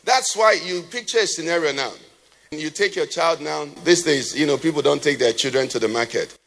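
A man's voice: on the high side, normal speed, a bit bright. A man preaching a sermon as pastor, asking the congregation questions and letting them finish his sentences. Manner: asks the congregation questions and has them fill in the answer. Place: church hall. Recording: long church reverb.

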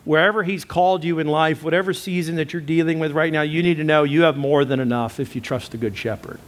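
A man's voice: on the high side, fairly even intonation, quick pace. A man, a pastor, preaching a sermon with emphatic repetition and direct appeals to his listeners.

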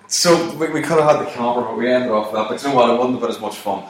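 A man in his thirties, a comedian telling a profane story and swearing constantly, jumping his voice up for quoted shouts. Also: medium pitch, a little fast. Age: 30s. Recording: very echoey room, mic at a distance.

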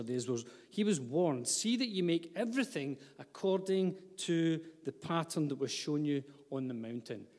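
A man delivers a sermon with a voice pitched a little above most men's. He preaches earnestly, slipping in light asides to the congregation. His words ring out with a long hall echo. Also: darkish tone. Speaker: pastor. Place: church hall.

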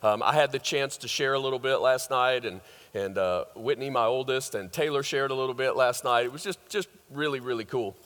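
A man's voice: mid-range voice, a little fast, fairly bright tone. An older man preaching a sermon as pastor, conversational and joking, with lots of fillers and restarts. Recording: long hall reverb.

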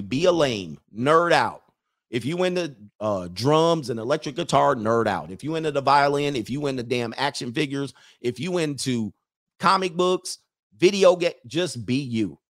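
Blunt, preachy man. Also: medium pitch. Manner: blunt, preachy, acts out quoted voices. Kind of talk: opinionated monologue to viewers.

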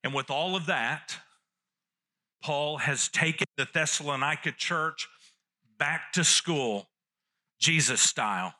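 Male pastor, sermon delivery, very bright tone, slightly high voice, earnest repetition. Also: slow pace, pauses often. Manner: earnest teaching, repeats key phrases.

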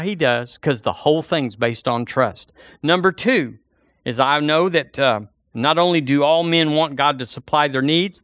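A man's voice: fairly high pitch, measured pace, fairly bright tone, dry recording, studio quality. A man preaching a sermon as pastor, folksy and storytelling, acting out the voices of the people in his stories.

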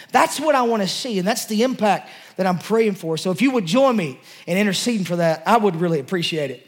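A man's voice: high-pitched, animated, brisk, hardly any pauses. A male pastor preaching a sermon to his congregation, passionate and emotional, talking in a loose, conversational way with many restarts. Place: church service before a congregation.

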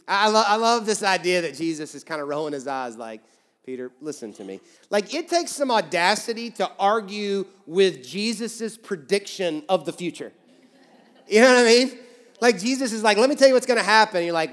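A man's voice: fairly high pitch, a bit bright, big-room sound. A man in his thirties, a pastor preaching a conversational sermon and acting out quoted voices. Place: church sanctuary.

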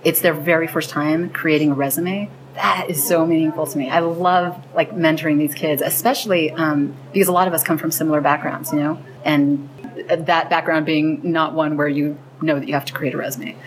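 A woman with a notably low voice, interviewed as the founder of a community program. She talks earnestly and with real enthusiasm, telling stories about her work. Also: steady tone, a little fast, low-quality recording. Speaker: founder of a program linking teens and seniors. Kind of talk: interview conversation.

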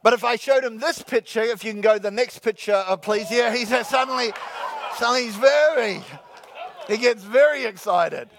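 High-voiced jokey male pastor. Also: creaky, fairly bright tone, a little hiss or hum. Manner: jokey, repeats key lines slowly, calls out "come on, somebody". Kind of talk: sermon. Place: church sanctuary with congregation.

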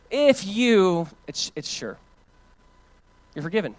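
This U.S. pastor's voice sits high, and he preaches a little slowly with long pauses and no room sound. He stays conversational and animated, moving from loud emphatic lines to hushed ones and repeating phrases for emphasis.

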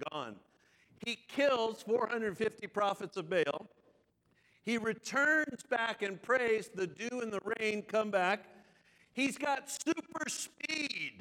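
A man's voice: sits high, sharp tone, big-room sound, rough recording. A man preaching a sermon as pastor, with chatty, joking asides to the congregation.

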